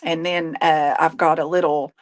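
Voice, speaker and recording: A woman in her forties, a little lower in pitch, chats about everyday life while she crafts. She rambles, restarts her sentences and laughs easily. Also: level tone, normal speed. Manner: chatty, folksy, laughs often. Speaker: craft show host; nurse. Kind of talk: casual chat while crafting.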